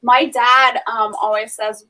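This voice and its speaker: A woman's voice: fairly high pitch, fairly even intonation, takes it slowly, pushed and bright, low-quality recording. A woman hosting a casual live stream, chatting and reading out viewer comments. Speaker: homestead channel host.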